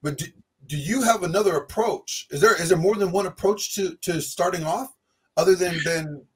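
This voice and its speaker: A man's voice: high voice, normal speed, slightly rough, poor audio. A man on a podcast asking questions in casual chat and jumping in mid-discussion.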